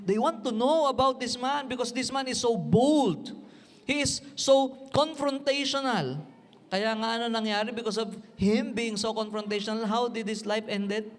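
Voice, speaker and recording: A man's voice: very high-pitched, in a large hall. A man with a Filipino accent preaching an emphatic sermon in a church, mixing English and Tagalog. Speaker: pastor.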